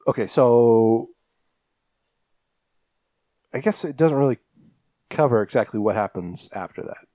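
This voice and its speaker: A man's voice: mid-range voice, animated, measured pace, warm tone, dry recording. A man co-hosting a podcast, casually recapping a horror film with lots of ums and restarts. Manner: rambling, many fillers and restarts. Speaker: podcast co-host.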